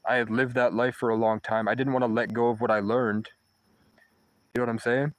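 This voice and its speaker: A man's voice: medium pitch, level tone, a little fast, no echo, low-quality recording. A young man telling a long personal story in a rambling, profane way, often restarting mid-sentence. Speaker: vlogger. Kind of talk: casual storytelling monologue.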